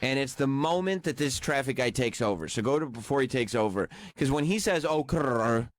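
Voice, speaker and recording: A man's voice: mid-range voice, lively intonation, fairly quick, clean studio sound. Guy riffing on a news clip, laughs a lot, voice jumps around, no room echo. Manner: joking, laughs often, mocking impressions. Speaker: podcast co-host. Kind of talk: casual comedic chat reacting to a video.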